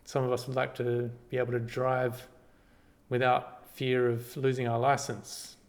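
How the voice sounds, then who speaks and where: Man talking through a tutorial. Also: mid-range voice. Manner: relaxed, halting, many ums and restarts. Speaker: party volunteer giving a tutorial. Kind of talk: casual screen-recorded tutorial.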